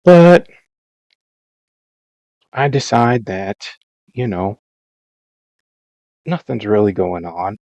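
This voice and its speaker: A man's voice: lowish voice, big pitch swings, extremely slow, long pauses, warm tone, dry recording. A man narrating his own gameplay in a rambling, self-mocking, dramatized way, in a casual voice-over. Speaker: Minecraft let's-play narrator.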